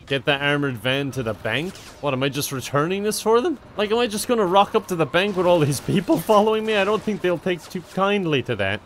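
A man's voice: a little high, fairly bright tone, a little hiss or hum. A man doing gameplay commentary in a sarcastic, joking way, often laughing. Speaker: gaming commentator.

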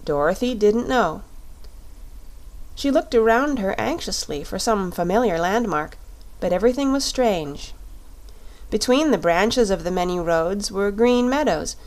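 A woman narrating a classic children's story at a steady pace. Her voice is mid-pitched and clear, suited to a calm audiobook reading. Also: measured pace.

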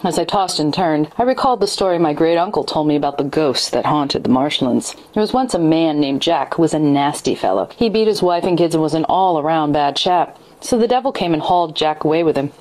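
A woman narrating a ghost story in the first person with a steady storytelling delivery. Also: low voice, fairly quick, hardly any pauses.

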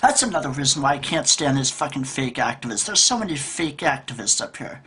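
A man's voice: medium pitch, big pitch swings, a little fast, fairly bright tone, a little hiss or hum. A man in his thirties ranting in a frustrated, profane vlog monologue at home, rambling with restarts. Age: 30s. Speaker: vlogger. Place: at home by a table.

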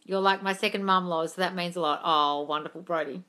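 Bright-voiced woman, blunt and sweary. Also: fairly low pitch, fairly even intonation, a little fast. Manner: blunt and swears freely, calls viewers darling; reads comments aloud, then answers them. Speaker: manifestation coach answering viewer questions. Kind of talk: casual livestream Q&A. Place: at home with her cat. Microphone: phone livestream.

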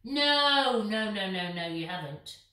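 A woman's voice: medium pitch, animated, slow pace, sharp tone, heavy reverb. Peter, a woman doing a flustered man. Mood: defensive. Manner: flustered, dismissive denials. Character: Peter, frightened man denying his friend.

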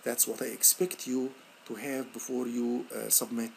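A male instructor walking students through a software lab on screen, halting and encouraging, with many fillers and restarts. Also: medium pitch, little pitch movement, gravelly, a little hiss or hum. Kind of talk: screen-recorded software tutorial.

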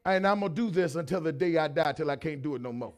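A pastor in his fifties preaching a sermon, swinging between shouted lines and quieter talk, with lots of repetition. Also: fairly high pitch, animated, quick pace. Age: 50s.

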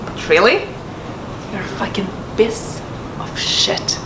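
An actress playing a drama student who rehearses a vulgar, contemptuous rant slowly. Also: female voice, lively intonation. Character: seething young woman ranting in a drama scene. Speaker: acting student. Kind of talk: vulgar performed monologue. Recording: echoey room with rumble.

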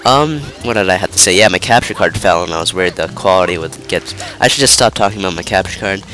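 A young let's play commentator speaks at a quick pace in a low, expressive, sharp-toned voice, sounding stuffy and nasal from a cold. He rambles casually about his game, cutting himself off and using many fillers over game music.

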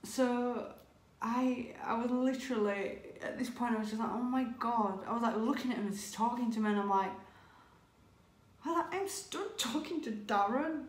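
A woman telling a story excitedly in a casual vlog, with lots of "oh my God" and laughter. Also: a little high, brisk, reverberant. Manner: excitable, breathless retelling with frequent "oh my God" and laughs. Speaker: vlogger.

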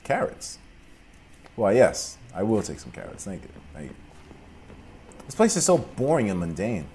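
A young man giving casual, profane let's play commentary, drifting between mumbled asides and loud outbursts. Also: fairly low pitch, very animated, normal speed, slight background noise. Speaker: gaming commentator.

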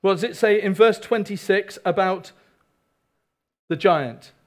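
A man preaching a sermon, animated, with asides to the congregation. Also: high-pitched, measured pace. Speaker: pastor.

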